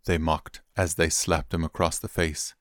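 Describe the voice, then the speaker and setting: Deep-voiced man reading scripture. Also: flat delivery, moderate pace, no room sound, clean studio sound. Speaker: Bible reader.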